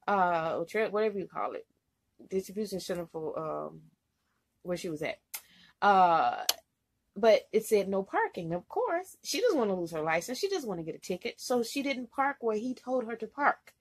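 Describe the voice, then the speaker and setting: Husky woman telling a trucking story. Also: medium pitch. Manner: rambling, emotional retelling full of "you know". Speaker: truck driver vlogger. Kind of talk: casual storytelling vlog.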